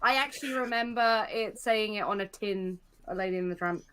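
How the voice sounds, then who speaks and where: A woman in her twenties playing a quiz, chatty and quick to exclaim. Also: medium pitch, a crowd in the background. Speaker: quiz contestant. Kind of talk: casual chat.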